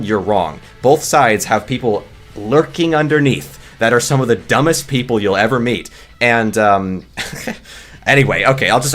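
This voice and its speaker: Fast-talking exasperated man ranting. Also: lowish voice. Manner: rambling, full of restarts and fillers, exasperated. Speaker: gaming video creator. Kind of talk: off-the-cuff commentary rant.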